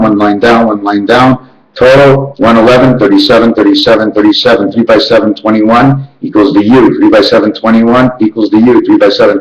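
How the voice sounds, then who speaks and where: This man's wandering monologue comes through a reverberant, rough recording. He rhythmically chants letters and numbers, jumps between thoughts, and his pitch shifts abruptly.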